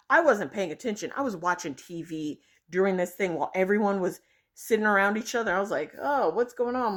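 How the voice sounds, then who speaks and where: A young woman vlogging her opinions, blunt and exasperated, swearing freely as she rants to her viewers. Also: on the low side. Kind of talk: opinion rant to camera.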